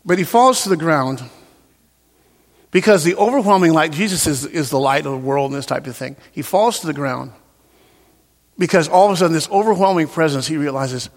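A man preaching a sermon as a pastor in a church, swinging from loud, emphatic peaks down to soft, quiet passages. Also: on the high side, a little fast, big-room sound. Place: church sanctuary.

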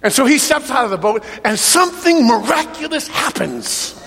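Preaching pastor in a reverberant church hall. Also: male voice, extremely high pitch, big pitch swings, normal speed. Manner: swings from shouted preaching to hushed altar-call prayer. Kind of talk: sermon. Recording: long hall reverb, soft music behind.

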